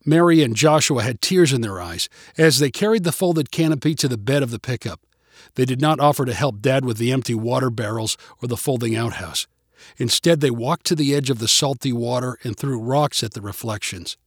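A man narrating a storybook in an expressive, even-paced way. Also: medium pitch, brisk, breathy edge, no echo, studio quality. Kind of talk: storybook reading.

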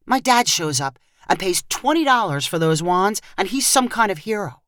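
A woman's voice: mid-range voice, expressive, normal speed, a bit bright, dry recording, studio quality, close to an everyday voice. A woman reading aloud as a frustrated, thrifty father who snaps and grumbles. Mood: irritated. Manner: snappish, grumbling. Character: frustrated thrifty father, middle-aged man.

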